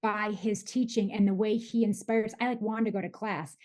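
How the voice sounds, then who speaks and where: A woman in her forties from Michigan, a podcast guest chatting casually and telling stories in an animated way, often restarting her sentences. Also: mid-range voice, moderate pace, a crowd in the background. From Michigan, USA. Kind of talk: casual interview storytelling.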